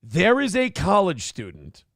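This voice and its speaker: A man's voice: high voice, huge pitch swings, unhurried, creaky, fairly bright tone, no room sound, studio quality. A man hosting a morning talk show, ranting in a casual, profane, exasperated way.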